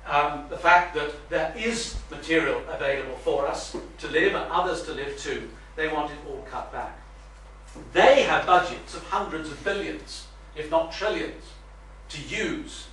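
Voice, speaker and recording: An older man gives an earnest public talk, his tone forceful and a touch high. He drops in wry asides. He stands well back from the mic in a very echoey room with faint noise behind. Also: distant mic. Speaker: retired minister giving a talk. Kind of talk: public lecture to a meeting.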